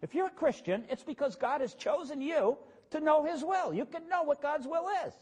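A man's voice: very high voice, animated, moderate pace, darkish tone. A man preaching a conversational sermon as pastor, plain-spoken and casual, with asides to his congregation.

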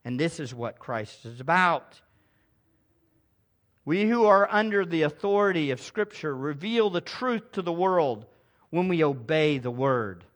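A pastor preaching a sermon with emphasis, swinging between hushed asides and loud proclamations and calling for responses from the congregation. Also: male voice, a little high, animated, unhurried.

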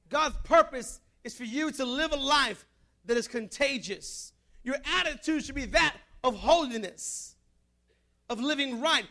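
A male pastor preaching a sermon, building to emphatic shouts and easing into a hushed altar call. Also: extremely high pitch. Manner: emphatic, rising to shouts then softening for prayer.

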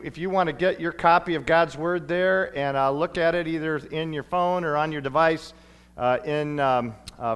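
Folksy middle-aged pastor preaching. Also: male voice, a little high. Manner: folksy, playful, often stumbles and restarts. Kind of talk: sermon. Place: church sanctuary.

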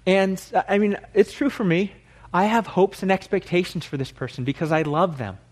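A man's voice: high voice, moderate pace. A male pastor preaching a sermon in an earnest, conversational way.

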